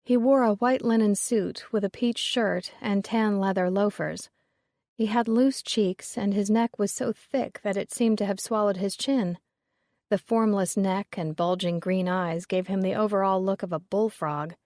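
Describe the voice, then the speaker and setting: An audiobook narrator, a woman, reads a story aloud in steady, measured scripted narration. Her pitch is medium, and the studio-quality recording carries no room sound.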